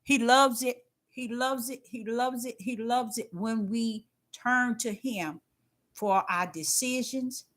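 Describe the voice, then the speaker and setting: An older woman giving a casual spiritual testimony, folksy and emphatic, repeating herself and swinging between loud and hushed. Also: a little high, takes it slowly. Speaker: faith talk host.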